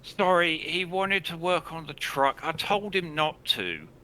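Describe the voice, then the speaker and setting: A man's voice: on the high side, expressive, unhurried, pushed and bright, clear, resonant tone, voice pushed up. A man voicing Jessa, a blunt foul-mouthed teenage girl. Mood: exasperated. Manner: swears bluntly.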